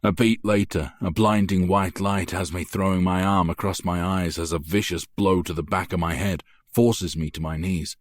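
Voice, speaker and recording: A man's voice: deep voice, steady tone, normal speed, few pauses, no room sound. A man narrating a gritty first-person crime novel in an intense, dramatic manner, close on the mic. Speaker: audiobook narrator.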